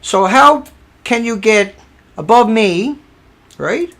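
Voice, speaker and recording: A man's voice: high voice, lively intonation, slow pace, creaky, bright, forceful tone. A man hosting a live stream, insisting on his point and repeating himself, often breaking off to fix audio trouble. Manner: distracted while fixing audio, trails off. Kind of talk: livestream commentary.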